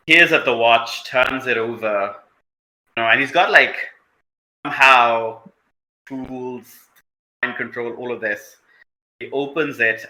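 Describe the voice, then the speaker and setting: A man's voice: mid-range voice, sharp tone, reverberant, poor audio. A man playing a tabletop role-playing game, describing his character's actions and speaking its lines with many fillers. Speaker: player.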